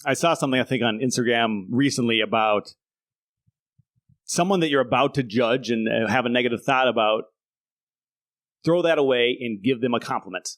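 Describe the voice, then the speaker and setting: A man's voice: mid-range voice, normal speed, pauses often, dry recording. A man hosting a podcast in casual conversation, reflective and asking questions. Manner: relaxed, reflective, asks questions. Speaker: podcast host.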